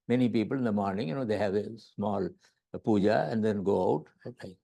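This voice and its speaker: A man's voice: fairly low pitch, brisk, creaky, warm tone. A man with an Indian accent giving a lecture on scripture as a yoga teacher, often repeating words and checking in with "right?".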